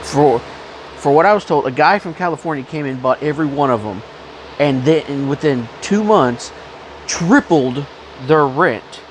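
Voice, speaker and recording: A man's voice: a little high, animated, normal speed, slight background noise, poor audio. A man with a cough talking in a rambling, blunt, profane casual monologue, often stopping to cough. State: has a cough. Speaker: vlogger.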